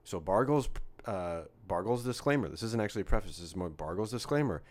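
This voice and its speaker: A man's voice: lowish voice, lively intonation, fast talker, a little mellow. A man co-hosting a podcast, chatting casually with a teasing, joking manner. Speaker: podcast co-host. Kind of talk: casual chat.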